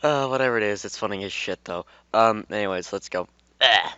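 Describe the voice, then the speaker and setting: A man's voice: lowish voice, quick pace, a bit bright, smooth, no echo. A man reading fan fiction aloud in a casual way, breaking off into rambling, swearing asides. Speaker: fan fiction reader and YouTuber. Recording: dull, dry home recording.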